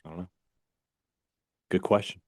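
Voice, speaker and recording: A man with a Southern US accent co-hosting a casual sports chat podcast, laid-back, agreeable and quick to laugh. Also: dry recording, clean studio sound. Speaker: podcast co-host. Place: radio studio.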